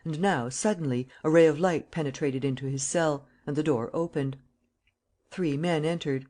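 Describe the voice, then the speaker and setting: An audiobook reader narrating a classic detective novel in a measured, even way. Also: medium pitch.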